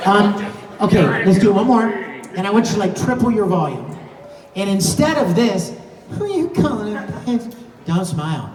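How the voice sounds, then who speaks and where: A man's voice: very high-pitched, animated, moderate pace. A man on a live convention Q&A panel, teasing and coaching a fan in a playful way, recorded on a phone from the audience. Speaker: voice actor answering fan questions on a convention panel. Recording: distant phone recording in an echoey hall with crowd noise.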